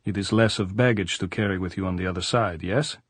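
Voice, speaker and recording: A man's voice: sits low, brisk, breathy edge, no room sound. A man voicing a blunt middle-aged general who teases dryly in stiff, formal broken English, in an audiobook. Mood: dryly teasing.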